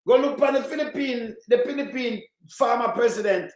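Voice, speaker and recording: A man with a Jamaican accent ranting angrily about politics in patois, repeating himself and bursting into shouts. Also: very high voice, normal speed, reverberant, rough recording. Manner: heated, repetitive, bursts into shouting. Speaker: commentator. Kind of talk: angry political rant in patois.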